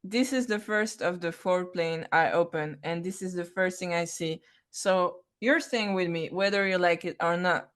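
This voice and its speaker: A woman's voice: lowish voice, moderate pace, a bit bright, natural voice. A woman voicing a stubborn, injured young male airplane mechanic who stammers and pleads. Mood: insistent.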